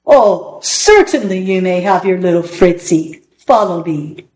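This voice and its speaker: A woman voicing a menacing old male magician who speaks slowly with a growl, in a storybook reading. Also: on the low side, animated, darkish tone. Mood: sly. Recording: roomy echo.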